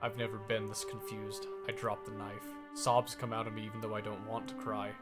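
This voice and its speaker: A man's voice: fairly low pitch, monotone, fairly quick, over loud music. Man reading a story game aloud. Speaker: streamer.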